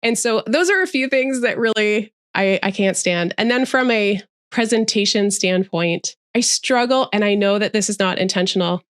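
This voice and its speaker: A woman's voice: medium pitch, moderate pace, hardly any pauses, smooth, no echo, studio quality. A woman guest who trains presenters, explaining her views articulately in a casual interview over a video call.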